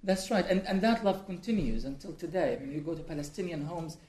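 A man, the author and guest, reads from his book in a measured, deliberate way and answers questions in halting speech with many restarts. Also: a little high, darkish tone, slight background noise. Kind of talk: reading aloud from his book, then interview answers. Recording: echoey room.

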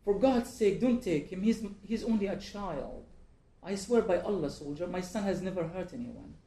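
A woman's voice: fairly low pitch, animated, normal speed, dark tone. A man voicing a desperate mother who pleads with a soldier for her son, read aloud from a book in an echoey room. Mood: pleading.

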